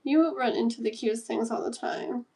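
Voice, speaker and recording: Giggly chatty lady on a livestream, reading chat, voice a bit high. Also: moderate pace, creaky, warm tone, husky. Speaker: livestream tarot host.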